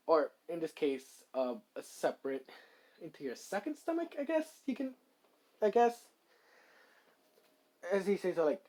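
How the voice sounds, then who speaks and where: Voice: mid-range voice, big pitch swings, unhurried, long pauses, mellow. A fan storyteller narrating an improvised fan story in a casual, rambling way, full of fillers and restarts.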